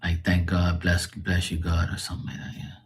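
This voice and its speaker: A man's voice: low-pitched, monotone, brisk. A man chatting casually on a livestream, rambling and explaining words to his viewers with lots of fillers. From born in the country of the stream, Portuguese family. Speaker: livestream tarot reader.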